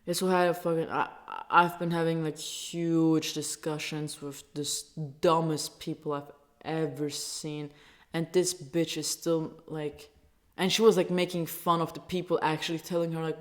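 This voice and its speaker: A woman's voice: sits low, steady tone, moderate pace. A woman from Turkey, a native Turkish speaker, ranting in English with heated, profane talk and stumbling restarts. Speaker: vlogger. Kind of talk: angry casual rant.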